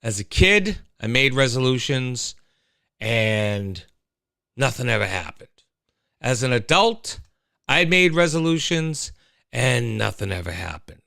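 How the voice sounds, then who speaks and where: A man's voice: medium pitch, a little slow, vocal fry, no echo, studio quality. A man hosting a casual solo livestream, rambling and chatting straight to his listeners. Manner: animated, rambling, talks to listeners. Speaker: host.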